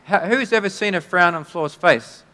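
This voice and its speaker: A man preaching a sermon in a conversational, halting way, often restarting his sentences. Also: high voice, bright, forceful tone. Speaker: pastor. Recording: long hall reverb.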